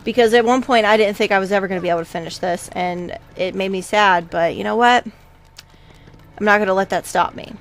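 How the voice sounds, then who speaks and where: Lady doing a let's play, rambly and chatty, middle pitched voice, faint game music underneath. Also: fairly quick. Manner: chatty, rambling, with many asides. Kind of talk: casual game commentary.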